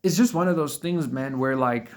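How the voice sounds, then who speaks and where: Man, mid-pitched, casual motivational vlogger; blunt, profane, repetitive, talks to viewer as bro. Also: moderate pace.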